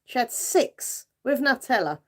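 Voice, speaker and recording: Slightly high, very animated and a little bright, this British woman speaks unhurriedly while hosting a laid-back livestream. She chats with viewers in a giggly way, with many fillers.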